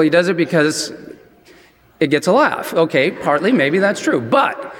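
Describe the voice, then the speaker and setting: Man, preacher, storytelling sermon, chatty, animated, high voice, long hall reverb. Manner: chatty, animated, many "you know" asides.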